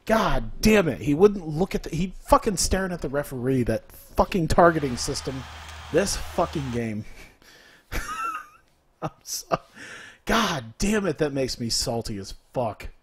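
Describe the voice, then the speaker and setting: A man's voice: a little high, huge pitch swings, unhurried, husky. A man streaming a wrestling video game, giving live commentary full of swearing and exasperated rants at the game. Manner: profane, exasperated ranting at the game.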